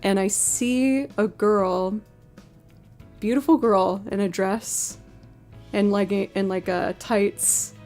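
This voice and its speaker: Speaking slowly in a middle register, a woman streaming music online relates a story in casual chat. Whenever she quotes someone she slips into their voice with large jumps up in pitch, and soft music runs behind her.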